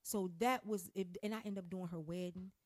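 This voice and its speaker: A woman's voice: fairly low pitch, normal speed, noisy background. A woman in her forties hosting a podcast, telling stories in casual, profane chat. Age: 40s. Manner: profane, storytelling, animated. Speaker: podcast host.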